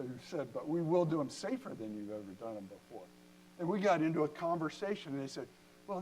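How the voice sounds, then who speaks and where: A company co-founder stands at a lectern in a university lecture hall, telling lively, jokey anecdotes to an audience amid laughter. His voice is slightly high and animated, and the poor recording has a faint hum behind it.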